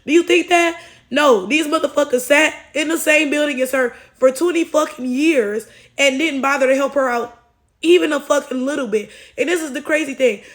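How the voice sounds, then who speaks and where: Lady w a high voice telling a story, swearing nonstop, keeps asking right?. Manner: blunt, profane, heated; frequent tag questions. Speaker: storytelling vlogger. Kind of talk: casual storytime rant.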